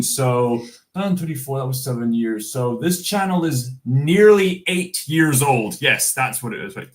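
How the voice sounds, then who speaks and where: A man's voice: mid-range voice, lively intonation, normal speed. A Scottish man hosting a livestream, chatting casually in a jokey, rambling way. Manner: jokey, giggly, rambling with fillers. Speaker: streamer host.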